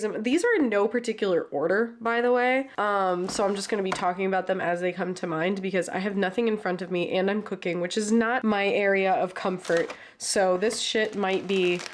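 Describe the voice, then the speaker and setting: A young woman with a slightly stuffy, nasal voice, talking in a loose, rambling way as she cooks at home. She drifts between topics and drops the odd swear word. It sounds like an informal home recording made in her kitchen. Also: medium pitch. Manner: chatty, rambling, casual swearing. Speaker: book vlogger. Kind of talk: casual chat while cooking.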